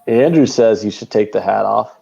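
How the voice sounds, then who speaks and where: A man's voice: fairly low pitch, moderate pace, vocal fry, warm tone, husky. Male betting-show host, teasing and self-deprecating, over dull stream sound. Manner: joking, self-deprecating banter. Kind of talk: casual live betting stream chat.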